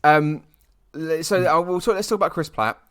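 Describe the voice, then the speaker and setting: Animated, swearing man on a dry mic. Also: a little high, normal speed, smooth, no echo. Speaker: podcast co-host. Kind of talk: casual chat.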